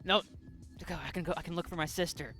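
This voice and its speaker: Man doing a desperate young man in agony, raised pitch, bright tone, strained cries. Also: fairly even intonation, fast, faint music behind. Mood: wavering.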